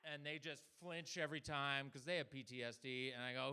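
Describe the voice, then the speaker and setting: A young man performing a stand-up comedy set, talking deadpan to the crowd and slipping into mock voices for the people he quotes. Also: medium pitch, brisk, clear, resonant tone.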